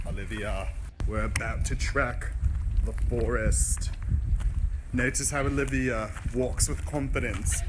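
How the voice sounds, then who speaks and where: A man's voice: mid-range voice, background noise, close to an everyday voice. A man in his twenties putting on a British documentary-narrator accent for a comic mockumentary home video, filmed on a phone outdoors. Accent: put-on British documentary narrator accent. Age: 20s. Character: mock nature-documentary narrator, young man, breathless and dramatic. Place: outdoors in a park. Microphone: phone camera.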